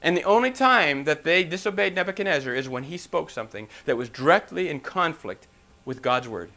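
Male preacher, slightly high, bright voice, reads scripture then explains it with animated asides. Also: a little fast. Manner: loud and animated in places. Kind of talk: sermon.

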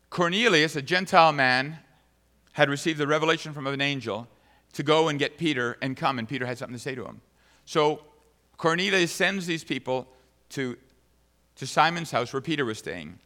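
A man's voice: medium pitch, animated, normal speed, pushed and bright. A man preaching a sermon and reading scripture aloud, an emphatic speaker who repeats phrases for stress, heard in a church sanctuary. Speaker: pastor. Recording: long reverb of a large hall.

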